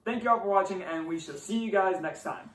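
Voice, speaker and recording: A young man hosting a casual movie review chat, relaxed and full of "like" fillers. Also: high voice, brisk. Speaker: podcast host. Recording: roomy echo, distant mic, faint hiss.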